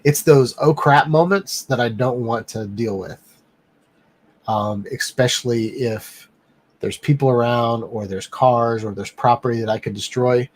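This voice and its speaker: A man hosting a casual live stream, rambling and filling pauses with lots of "um.". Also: medium pitch. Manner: rambling, many "um" fillers. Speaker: livestream host.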